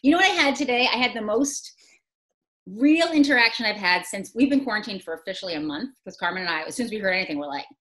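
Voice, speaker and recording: Animated, fast-talking woman comedian. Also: medium pitch, low-quality recording. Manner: animated storytelling, profane. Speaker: comedian co-host. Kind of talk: casual comedic chat.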